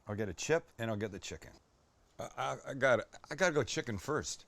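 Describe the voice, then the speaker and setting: An excitable man hosts a casual cooking demonstration at a middling pitch. He chats to the viewer with loose asides and swears when something delights him. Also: fast talker, creaky, no room sound. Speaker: cooking show host.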